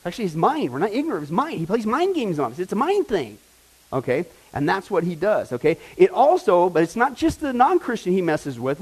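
A man preaching a sermon, telling a story with animated asides and frequent "right?" and "okay?" checks to the congregation. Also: high voice, brisk, breathy edge, low-quality recording. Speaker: pastor or Bible teacher. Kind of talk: sermon with anecdote.

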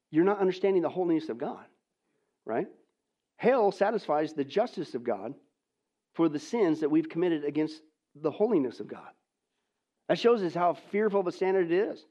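A man preaching a sermon, swinging between hushed, near-whispered lines and loud, emphatic ones, and asking the audience rhetorical questions. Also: fairly high pitch. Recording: dull lo-fi recording.

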